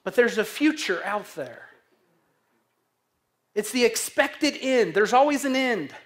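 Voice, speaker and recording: A man pastor preaching a sermon, slow and emphatic, asking the congregation questions to fill in. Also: very high voice, animated, fairly bright tone. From Missouri.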